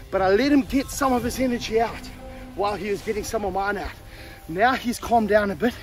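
A high-pitched man gives an energetic snake-handling demonstration outdoors on the grass. He speaks straight to camera and breaks into whoops. Faint music plays behind him. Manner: energetic and excitable, with whooping calls. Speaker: snake handler and show host. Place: outdoors on grass in hot weather.

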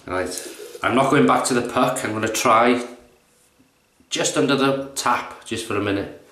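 A man casually narrating his shave in a relaxed, chatty, self-mocking way, recorded in his bathroom. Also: medium pitch, moderate pace. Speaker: shaving vlogger. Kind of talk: casual narration while shaving. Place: bathroom at home. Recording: echoey bathroom.

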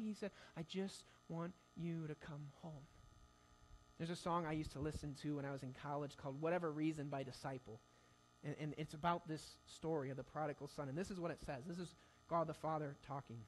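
High-voiced man preaching a lively sermon. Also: quick pace, a little hiss or hum, rough recording. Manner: animated storytelling, acting out quoted voices. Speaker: pastor. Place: church sanctuary.

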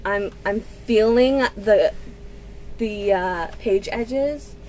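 A woman in her twenties, gushing and excitable in a casual unboxing vlog at home, with gasps and squeals. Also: medium pitch, drawn-out words, a little hiss or hum. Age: 20s. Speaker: book vlogger.

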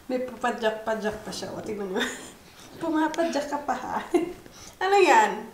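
A woman's voice: on the high side, lively intonation, normal speed. A Filipino woman in her thirties coaxing her baby in a playful baby-talk vlog, switching between English and Filipino. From Philippines. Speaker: vlogger and mother. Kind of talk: casual family vlog. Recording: roomy home room, faint noise.

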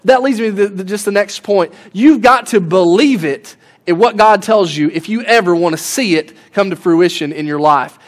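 A pastor delivers a sermon in a fairly high, light voice. He talks easily and storytells to his congregation, then presses harder and pleads with rising intensity. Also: moderate pace, a bit bright. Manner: conversational preaching, rising to impassioned pleading. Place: church sanctuary.

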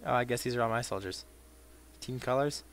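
A man giving profane gameplay commentary, muttering dry asides and bursting into shouted insults at enemies. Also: medium pitch, fairly quick, a little hiss or hum. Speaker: let's play gamer.

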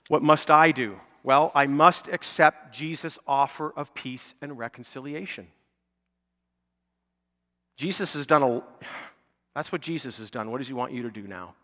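Pastor preaching in a reverberant church. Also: male voice, mid-range voice, a little slow, sharp tone. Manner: conversational preaching, frequent "okay?" and "right?" checks with the congregation; rises to emphatic, pleading peaks. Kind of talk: sermon. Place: church sanctuary.

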